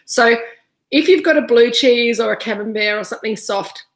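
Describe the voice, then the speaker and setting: Woman, casual tasting-class host, a little high, gravelly edge, talks through mouthfuls. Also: normal speed. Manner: chatty, talks while chewing and eating. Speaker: winemaker leading a virtual tasting.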